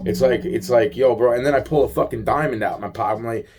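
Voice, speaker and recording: A man's voice: mid-range voice, fast, background noise. A man venting in a rambling casual monologue, agitated, profane and full of repeated fillers.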